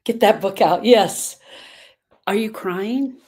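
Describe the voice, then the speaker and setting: A woman grief coach talks casually to live stream viewers in a slow, medium-pitched, darkish voice. She's earnest, repeating herself as she drifts off topic.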